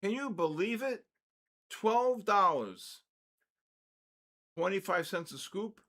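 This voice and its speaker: An older man hosting a livestream, chatting casually with viewers and reacting with animated, jokingly outraged exclamations. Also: high-pitched, moderate pace. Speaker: livestream trading host. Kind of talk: casual chat reading viewer comments.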